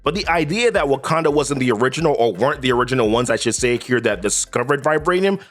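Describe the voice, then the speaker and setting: A man's voice: mid-range voice, expressive, fast talker, fairly bright tone, faint music behind. A man hosting a casual comic book recap, chatty and enthusiastic. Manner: enthusiastic, chatty, laughs often.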